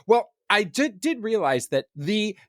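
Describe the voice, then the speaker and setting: Lively man co-hosting a podcast. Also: high voice, a little slow, dry recording, clean studio sound. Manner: animated, laughing often. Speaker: podcast co-host. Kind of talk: casual chat. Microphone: remote recording over video call.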